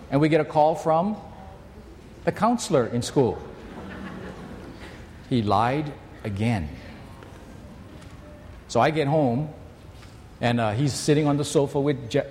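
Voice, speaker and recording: A man preaching a sermon in a church, telling a personal story in a conversational, emphatic way that swings between loud and hushed. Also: mid-range voice, big-room sound, a little hiss or hum. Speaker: pastor.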